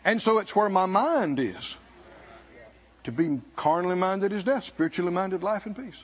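An older man preaching a conference sermon, animated, acting out voices and drawing responses from the congregation. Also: sits high, moderate pace. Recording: dull lo-fi live recording.

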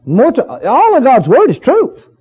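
A man's voice: very high voice, huge pitch swings, normal speed, breathy edge. A male pastor preaching a sermon in a folksy, emphatic way, often repeating his phrases for weight. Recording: dull lo-fi recording.

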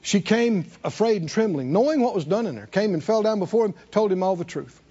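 A man preaches in a church, pulling answers from his congregation. His voice sits high and swoops all over the place. The recording is muffled and dull. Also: fairly quick, slightly rough. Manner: animated call-and-response preaching. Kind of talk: sermon. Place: church sanctuary.

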